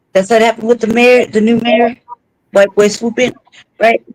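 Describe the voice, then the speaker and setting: A man's voice: very high-pitched, flat delivery, normal speed, no echo, low-quality recording. Angry, profane man on a podcast. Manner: angry, emphatic, profane, rambling with restarts. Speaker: podcast co-host. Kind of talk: heated casual talk.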